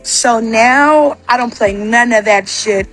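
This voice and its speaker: A woman's voice: a little high, a bit bright. A young woman telling a personal story in a casual storytime, rambling with constant "like" fillers. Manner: rapid, filler-heavy with constant "like".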